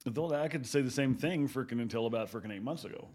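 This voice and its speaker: A man's voice: mid-range voice, fast, darkish tone. A man on a casual podcast, swearing constantly and laughing at his own stories. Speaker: podcast host. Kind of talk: casual profane podcast chat.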